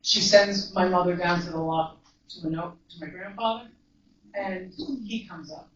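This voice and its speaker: A woman, a mental health counselor, giving an earnest, measured storytelling talk to a live audience. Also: on the low side, slight background noise. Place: large echoey event room. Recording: echoey, distant, dull live recording.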